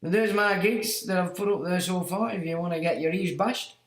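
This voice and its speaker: A man's voice: sits high, a little fast, roomy sound. A man hosting a livestream, exclaiming and mocking as he comments. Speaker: livestream host.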